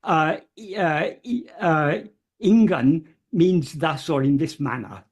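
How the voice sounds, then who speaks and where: A speaker with a slightly husky, mid-range voice and lively intonation explains a text piece by piece in a slow, careful talk. The delivery is very slow and hesitant, full of pauses and small fillers, with key terms gently repeated.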